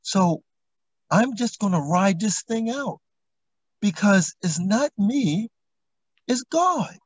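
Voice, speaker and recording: A naive young wife who insists fate brought her marriage together speaks slowly and solemnly, as a man mocks her. The voice is husky and close. The audio sounds dull and lo-fi. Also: sits high, expressive, no echo, full character voice. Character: earnest young wife clinging to destiny.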